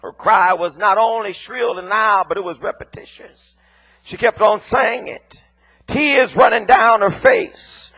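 Male preacher, very high gravelly voice, slow deliberate delivery, shouted sing-song sermon with repeated phrases. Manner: drops to near whispers for emphasis.

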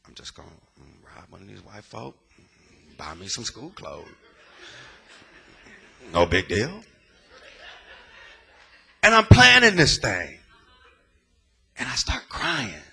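A man's voice: mid-range voice, huge pitch swings, slow, vocal fry, long pauses, pushed and bright. A man from the Bay Area giving a dramatic, emotional personal testimony in a sermon, using plain street slang. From San Francisco Bay Area.

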